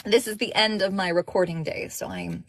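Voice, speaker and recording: A woman's voice: medium pitch, very animated, normal speed. A woman in her thirties, an audiobook narrator, chatting casually with viewers before reading aloud. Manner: chatty, warm-hearted fan enthusiasm.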